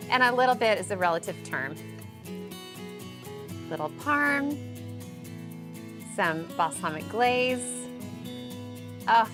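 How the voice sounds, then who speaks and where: A woman hosting a casual cooking demonstration in a home kitchen, chatty and playful as she talks with the crew. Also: medium pitch. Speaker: cooking show host. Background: background music, sizzling pan.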